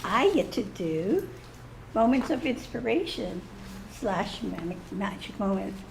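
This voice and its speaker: A woman sharing a personal story at a church service in a lively, self-mocking way. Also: mid-range voice, slow, creaky, background noise. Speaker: church speaker. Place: church hall.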